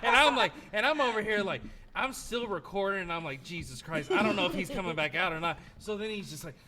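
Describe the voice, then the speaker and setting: A young man hosting a podcast, telling a story with lively acted-out quotes. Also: high voice, fast, a crowd in the background. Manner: animated storyteller acting out quotes. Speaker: podcast host. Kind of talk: casual storytelling chat.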